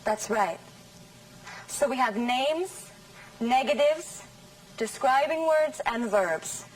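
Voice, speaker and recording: A woman teaching English in a scripted classroom lesson, saying model sentences slowly and carefully. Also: high-pitched, animated, distant mic, a little hiss or hum, rough recording. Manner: slow, careful, over-articulated model sentences.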